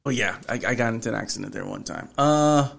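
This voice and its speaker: A man's voice: lowish voice, fast, creaky, a bit bright. A man in casual podcast chat who tells profane stories and laughs often.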